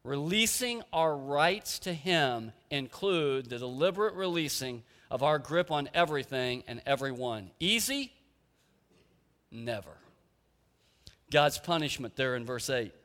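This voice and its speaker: Bright-voiced preacher in an echoing church. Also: male voice, mid-range voice, lively intonation, a little slow. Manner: earnest, emphatic preaching with rhetorical questions. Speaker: pastor. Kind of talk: sermon. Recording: echoey hall with long reverb.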